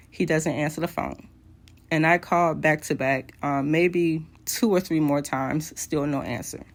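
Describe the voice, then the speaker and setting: A woman around forty tells a personal story to camera in a candid, conversational way. Her voice sits fairly low, with a gravelly vocal fry. She pauses on hesitant fillers as she goes. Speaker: vlogger.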